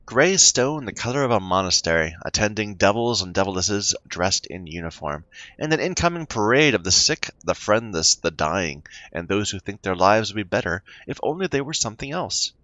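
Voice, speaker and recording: A man's voice: fairly low pitch, sing-song, normal speed, bright, forceful tone, dry recording, lo-fi sound. Chatty man reading game text. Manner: chatty, stumbles over unfamiliar words. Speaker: let's play gamer.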